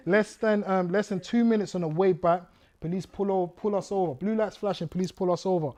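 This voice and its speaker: Animated man telling his testimony. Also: sits high, brisk. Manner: vivid storyteller who reenacts scenes and directs the audience. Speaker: guest speaker. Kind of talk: testimony storytelling to a youth audience.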